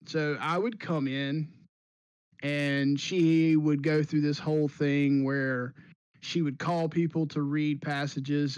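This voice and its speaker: A podcast host tells a long story in a loose, animated way, often repeating words as he restarts. His voice sits a little high for a man. The sound is dry and close. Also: takes it slowly, clear, resonant tone, no room sound, dull audio. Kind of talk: casual storytelling chat.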